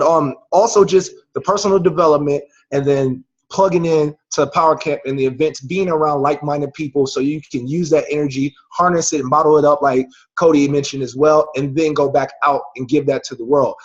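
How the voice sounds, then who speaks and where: A man hosts a team video call, hyping up members with slangy, preachy encouragement. His voice sits somewhat high for a man and sounds a little husky. The call audio is dull and lo-fi. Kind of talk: motivational talk on a video call.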